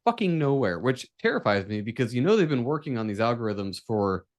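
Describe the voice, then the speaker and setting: A male co-host talks in casual podcast chat with a wry tone. He drops jokey asides between longer points. His pitch sits in the middle range. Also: big pitch swings, a little fast.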